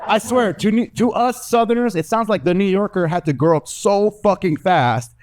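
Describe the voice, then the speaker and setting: A young man from the American South with a Southern accent, doing a stand-up comedy set before a live audience with lively storytelling. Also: sits high, moderate pace. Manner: animated, lively storytelling with acted-out voices.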